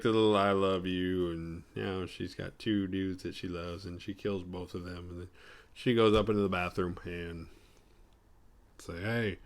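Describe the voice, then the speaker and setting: A man recapping a horror film for his show, swearing casually and jumping into quick voices for the characters. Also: low-pitched, gravelly. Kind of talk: casual comedic retelling.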